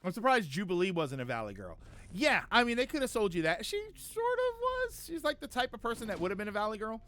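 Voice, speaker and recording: A man's voice: high voice, very animated, fast talker, sharp tone, slight background noise. A man streaming gameplay live, chatting and joking with viewers while reacting aloud to the game.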